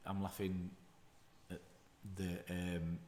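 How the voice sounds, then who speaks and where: A low-voiced man reads out a news story at a slow, unhurried pace and breaks off into musing asides, correcting himself as he goes. The room around him adds a noticeable echo. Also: level tone, darkish tone, slight background noise. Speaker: damp and mould specialist. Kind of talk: reading and commenting on a news story. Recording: roomy echo.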